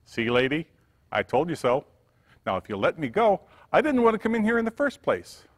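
A gruff old homeless man growls and grumbles sarcastically, played by a male preacher. His pitch jumps around as he speaks. The church hall adds a long echo. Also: sing-song, normal speed.

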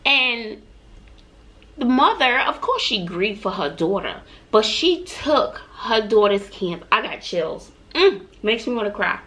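A woman's voice: on the high side, big pitch swings, unhurried, a bit bright. A middle-aged woman from Texas telling personal stories on her vlog in a chatty, heartfelt, motivational way, talking straight to her viewers. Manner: earnest, emotional, chatty, addresses viewers directly. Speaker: vlogger.

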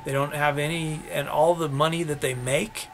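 A man's voice: on the high side, steady tone, moderate pace, a bit bright, soft background music. A young man ranting about politics, cursing often and firing off repeated rhetorical questions. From United States. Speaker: vlogger. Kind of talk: angry political rant.

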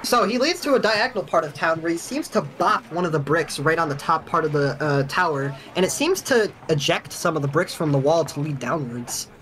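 A man's voice: a little high, animated, fairly bright tone, rough recording. Young man narrating as dungeon master. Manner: casual, halting narration with fillers. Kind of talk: narrating a tabletop game.

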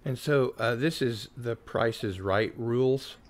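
A man's voice: mid-range voice, unhurried. A man hosting a casual watch party stream, running a giveaway in an easygoing way.

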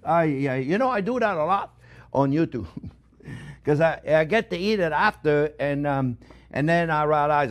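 A man's voice: on the high side, animated, moderate pace. A middle-aged man working as a chef, talking viewers through a cooking demonstration in a chatty, joking way and often checking in with "okay?" and "eh?".

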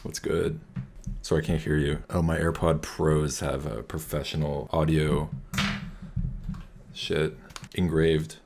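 Very deep, gravelly-voiced young man. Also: flat delivery, slow pace, long pauses, background noise. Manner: joking, cocky, profane banter. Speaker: music producer. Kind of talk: casual screen-recorded production vlog. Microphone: desk mic near loud keyboard. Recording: loud music playing over the voice.

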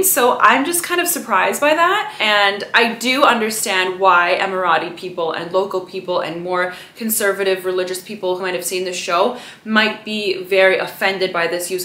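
A woman's voice: medium pitch, sharp tone. Brief: young woman vlogger, casual and chatty, roomy echo. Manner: chatty, peppers speech with "right?" and "you know". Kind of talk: casual chat to camera.

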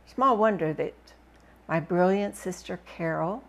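A woman reading a first-person memoir aloud with expressive, dramatic storytelling. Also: on the low side, measured pace, gravelly. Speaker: book reviewer reading aloud.

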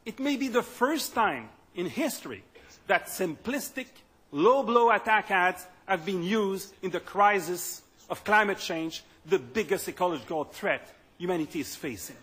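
A man's voice: high-pitched, expressive, moderate pace, fairly bright tone, slightly rough. A man giving a political speech as party leader, emphatic and stumbling into repetitions at times.

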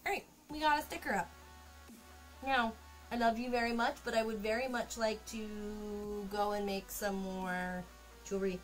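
A woman's voice: medium pitch, fairly even intonation, moderate pace, faint music behind. A woman streaming from her home craft workspace, chatting casually and talking to her cat while she works. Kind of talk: casual live-stream chat.

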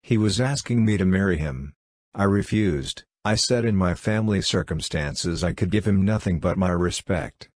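A man's voice: sits low, moderate pace, no echo, studio quality, lightly acted. A man reading as a brave young noblewoman. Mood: courageous. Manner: clear, quivering, courageous.

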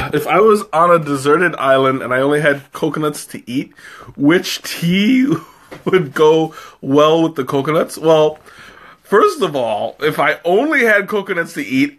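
A man with a slightly high, fairly bright voice tastes tea live on stream in relaxed, rambling chat. Spicy tea has given him a runny nose, and he keeps giggling and teasing himself.

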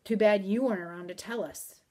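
A woman's voice: mid-range voice, a little fast, mellow, close to an everyday voice. A woman reading a wry, mysterious wanderer. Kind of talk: audiobook reading.

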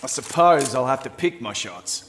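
An actor playing a brash, foul-mouthed soldier who throws swaggering taunts in video game combat voice lines. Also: male voice, mid-range voice, lively intonation, normal speed, very noisy, lightly acted. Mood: cocky. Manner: taunting, swaggering trash talk. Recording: loud gunfire behind the voice.

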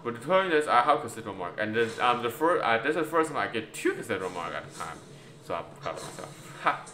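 This gameplay YouTuber talks fast in a mid-range voice that swings widely in pitch, chatting through a card game and reacting out loud while calling his viewers "guys." The room echoes, and background music plays loudly.

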